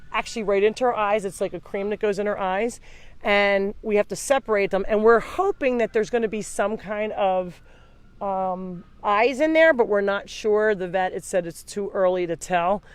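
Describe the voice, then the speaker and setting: A woman hosts a casual live video from inside an animal sanctuary. She chats at an ordinary pitch, explaining each rescue story, and keeps turning to coo at the animals near her. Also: moderate pace, clean tone, no echo. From New Jersey. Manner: chatty, talks to the animals while explaining. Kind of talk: casual live-stream chat.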